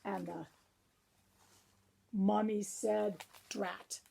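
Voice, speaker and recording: A woman's voice: high voice, animated, slow pace, vocal fry. A woman librarian reading a picture book aloud to children, breaking off for chatty asides to her young listeners.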